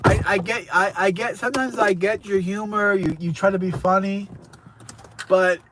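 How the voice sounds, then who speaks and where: A tipsy man hosts a loose, casual show, wandering from thought to thought and swearing often. His voice sits a little high, and a faint noise stays under it. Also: fairly even intonation, moderate pace. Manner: rambling, sing-song, swearing often. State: tipsy from drinking. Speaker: show host. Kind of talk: casual livestream chat.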